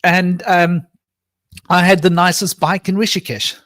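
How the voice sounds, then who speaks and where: A man tells a long personal story on a live panel call, slipping into other voices for quoted lines. His voice sits fairly high. The sound is dry and close, with no room echo. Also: steady tone, a little slow, a bit bright. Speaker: panel guest.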